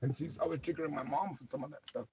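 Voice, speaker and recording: A man's voice: fairly high pitch, fast, creaky, dark tone, a little hiss or hum. A middle-aged man hosting a livestream, telling rambling stories in casual chat, cursing freely. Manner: rambling profane storytelling. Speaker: livestream host. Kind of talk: casual late-night chat.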